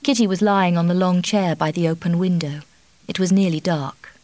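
A woman reading a novel aloud as an audiobook narrator, in a measured, even way. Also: fairly low pitch, no echo. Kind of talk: scripted narration.

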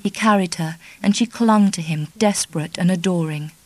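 A woman narrating a novel as an audiobook, reading in a measured, even way. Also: lowish voice, no echo, rough recording. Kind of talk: scripted narration.

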